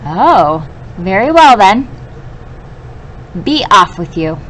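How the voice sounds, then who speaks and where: A woman reading aloud and voicing a bad-tempered, hungry male troll, loud and drawn out. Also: medium pitch, sing-song, slow, a little hiss or hum, rough recording. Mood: greedy.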